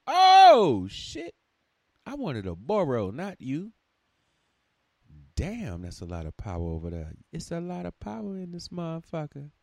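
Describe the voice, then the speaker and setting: A man's voice: on the high side, huge pitch swings, moderate pace, vocal fry, mellow, dry recording, clean studio sound. A man podcaster rambling in a casual, profane monologue, talking to himself while playing a game.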